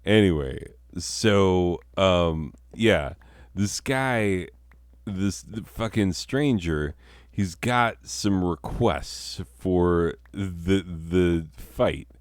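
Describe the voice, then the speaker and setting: A man's voice: low voice, drawn-out words, dry recording, studio quality. A young man who is stoned and tells a rambling, profane story full of fillers while he plays a video game at his computer. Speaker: comedy storyteller and gamer.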